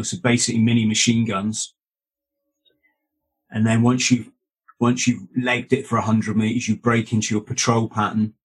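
A man's voice: lowish voice, slightly rough. A man, a former Royal Marine, earnestly telling his story as an interview guest and often checking in with "right?" and "mate.". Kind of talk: conversational storytelling.

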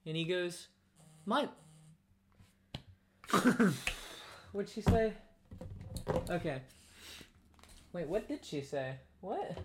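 A man's voice: high-pitched, sing-song, extremely slow, long pauses, slight background noise. A young man co-hosting a podcast, rambling through casual stories with restarts and acted-out quotes. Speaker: podcast co-host. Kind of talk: casual storytelling chat.

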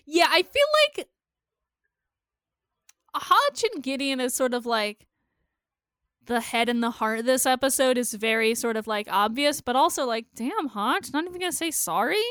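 A woman's voice: high-pitched, animated, moderate pace, pauses often, fairly bright tone, clear, resonant tone, dry recording, clean studio sound. A woman co-hosting a podcast in casual chat, blunt and sarcastic with frequent swearing. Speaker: podcast co-host.

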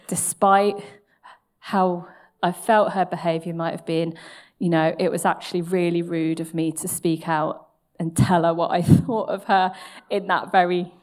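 A woman's voice: fairly low pitch, a little mellow. A woman preaching a sermon, telling a personal story in a candid, self-mocking way and laughing at herself.

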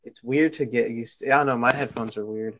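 A man's voice: mid-range voice, steady tone, fairly quick, a bit bright. A young man from Minnesota, co-hosting a casual podcast, giving short, hesitant replies. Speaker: podcast co-host. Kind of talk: casual chat.

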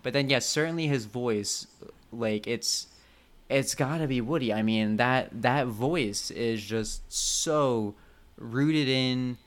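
A man co-hosts a relaxed movie podcast at an everyday middle pitch. He mostly backs up his partner with quick yeahs and sures, then adds his own opinions in an easy, agreeable way. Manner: agreeable, chimes in with short affirmations. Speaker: podcast co-host. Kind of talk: casual film podcast chat.

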